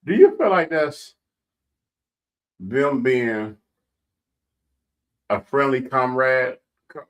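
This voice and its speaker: A man's voice: mid-range voice, lively intonation, drawn-out words. A man co-hosting a casual radio talk show, asking questions and telling stories. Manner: storytelling, asks leading questions. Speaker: radio co-host.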